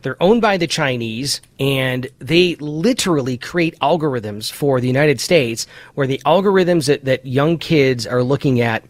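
A man's voice: mid-range voice, animated, a little slow, hardly any pauses, no room sound. A man hosting a political chat show who hammers his points with emphasis. His voice sits in an ordinary middle range. It is recorded close and dry with no room sound. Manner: opinionated, emphatic. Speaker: podcast host. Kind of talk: casual political commentary.

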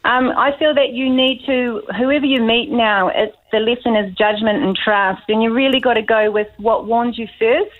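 A woman's voice: fairly high pitch, fairly even intonation, moderate pace, few pauses. A woman with a New Zealand accent, a clairvoyant guest giving a reading over the phone, soothing and calling people darling. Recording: tinny phone line.

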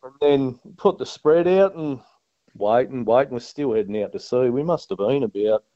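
In casual conversation, a guest angler from Tasmania tells a broad fishing yarn in his Australian accent, peppering it with "mate." He speaks at a moderate pace in a medium-pitched, dark voice, and the dull lo-fi recording is dry with no room sound.

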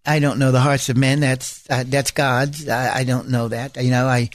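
A man's voice: medium pitch, little pitch movement, moderate pace, no room sound. A man preaching a sermon, stressing points by repeating phrases and breaking off into conversational asides. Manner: conversational asides and self-corrections.

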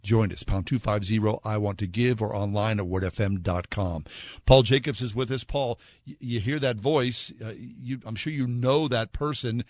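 A man's voice: lowish voice, normal speed, dry recording. Earnest male radio co-host. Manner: earnest, repeats appeals. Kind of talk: fundraising radio talk.

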